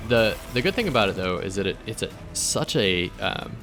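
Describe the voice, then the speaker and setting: A young man hosting a casual gaming video, thinking aloud as he plays, relaxed and often trailing off mid-thought. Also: lowish voice, normal speed, music in the background. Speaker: gaming channel host. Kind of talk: casual let's play commentary.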